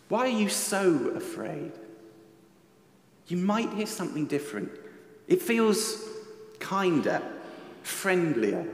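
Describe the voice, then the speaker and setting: A man giving a reflective sermon in a church, often asking his listeners questions. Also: high voice. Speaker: preacher. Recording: echoey church hall reverb.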